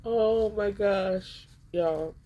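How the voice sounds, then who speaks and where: A woman's voice: mid-range voice, drawn-out words, dark tone. Woman tarot reader, casual vlog delivery, repeats lines for emphasis. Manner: emphatic and repetitive, addressing viewers as y'all.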